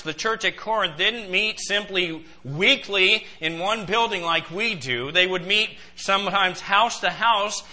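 Bright, high-voiced man preaching. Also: rough recording. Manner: emphatic, asks the congregation direct questions; repeats words when pressing a point. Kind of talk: sermon.

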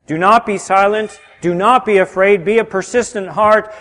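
A man preaching a sermon as pastor. He swings between loud, emphatic lines and hushed ones. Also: high-pitched, normal speed, hardly any pauses. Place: church sanctuary. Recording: reverberant hall.

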